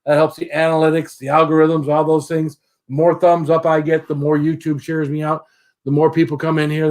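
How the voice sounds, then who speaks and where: Middle-aged guy hosting a livestream, kinda high voice, chatty, shouting out everyone in chat. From Michigan, USA. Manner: chatty, greets viewers by name. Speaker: livestream host. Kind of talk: casual live-stream chat.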